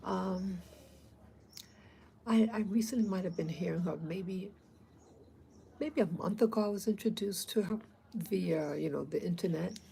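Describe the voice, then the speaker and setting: A woman's voice: lowish voice, measured pace, pauses often, dark tone, a little hiss or hum, low-quality recording. A woman talking casually to her viewers, rambling and hesitant with many fillers. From abroad, not from Africa. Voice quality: gravelly. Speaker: vlogger. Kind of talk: casual talk to camera.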